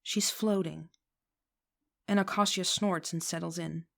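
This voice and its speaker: A woman reads a fan fiction story aloud with a lowish voice. She reads expressively, slipping into voices for the characters. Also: steady tone, measured pace, vocal fry. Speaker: reader.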